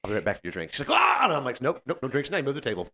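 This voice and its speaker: Male podcast co-host, quick-talking storyteller with a lively voice who acts out the people in his stories. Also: mid-range voice, husky. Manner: animated, acts out customer quotes. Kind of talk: casual storytelling chat.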